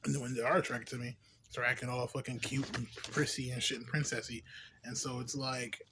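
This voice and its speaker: A man's voice: mid-range voice, flat delivery, brisk, bright, forceful tone, slight background noise. A young man, a little tipsy from beer, talking loosely in a rambling vlog monologue with lots of slang, fillers and swearing. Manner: loose, profane, filler-heavy slang talk. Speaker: vlogger.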